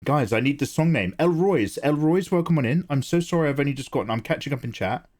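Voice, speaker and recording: A man's voice: on the high side, expressive, fast talker, a little mellow. Chatty man hosting a stream. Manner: chatty, self-deprecating, reads chat aloud. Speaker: art livestream host. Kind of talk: casual livestream chat.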